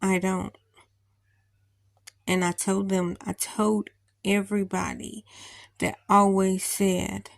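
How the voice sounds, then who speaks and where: A woman's voice: medium pitch, little pitch movement, slow, gravelly, long pauses, no echo, clean studio sound. A woman vlogger talking through her feelings in a rambling, thinking-aloud way with many restarts. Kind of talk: personal reflective talk to camera.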